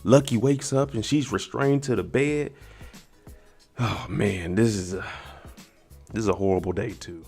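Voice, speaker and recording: A man's voice: lowish voice, measured pace, gravelly, long pauses, a little mellow, slightly rough, faint music behind. A man giving a casual, slangy recap of a TV episode and reacting to each scene as he goes. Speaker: TV recap vlogger.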